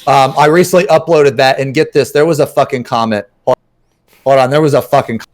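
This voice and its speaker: A man's voice: mid-range voice, fairly even intonation, a little fast. A man hosting a casual podcast, swearing freely and ranting in exasperation. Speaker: podcast host.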